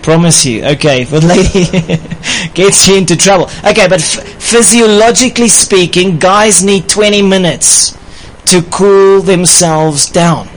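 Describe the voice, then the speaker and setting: A man's voice: sits high, unhurried, a little hiss or hum, rough recording. A man preaching about marriage in a light, playful way, often laughing with his audience. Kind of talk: sermon on marriage.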